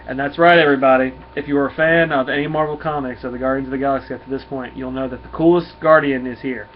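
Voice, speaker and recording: A man, reviewing a comic book in a relaxed, folksy way. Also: mid-range voice, quick pace, few pauses. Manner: relaxed, folksy, many fillers. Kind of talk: casual comic review and read-through. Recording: dull lo-fi with faint hum.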